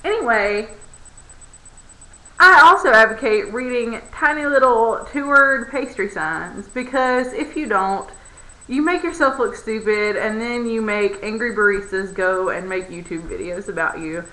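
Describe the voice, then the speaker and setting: A woman's voice: on the high side, measured pace, sharp tone. Sarcastic young woman ranting in an echoey room. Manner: sarcastic, exasperated. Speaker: barista vlogger. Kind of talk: casual rant to camera. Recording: roomy echo.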